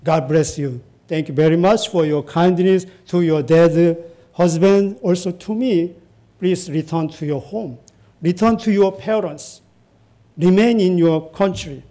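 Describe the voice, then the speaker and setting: A man reading aloud the words of an old widowed woman, soft and kindly pleading. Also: high-pitched, unhurried. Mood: gentle.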